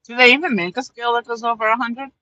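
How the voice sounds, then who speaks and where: A woman's voice: a little high, steady tone, fast, sharp tone, no echo, muffled recording. A woman hosting a live stream, chatting casually with viewers and friends and laughing often. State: talking with a mouth full of cookies.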